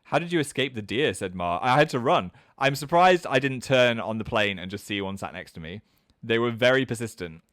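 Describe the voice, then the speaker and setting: A man in his thirties, hosting a casual livestream chat in a chatty, self-mocking way and jumping up in pitch for comic voices. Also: animated, a little fast, fairly bright tone, no echo, studio quality. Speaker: livestream host.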